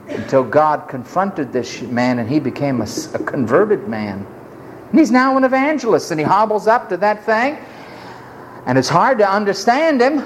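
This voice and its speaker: A preacher delivers an impassioned sermon in a high, lively voice that leaps and drops. His lines swing from near-shouts down to hushed murmurs. A faint noise sits behind him. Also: poor audio.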